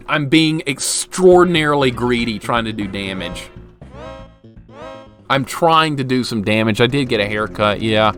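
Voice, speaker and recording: This young man's mid-range voice is animated and fairly bright, delivered at a measured pace. He's streaming a retro game live, commenting on his play, getting annoyed, joking, laughing, and replying to viewers in chat, with game music underneath.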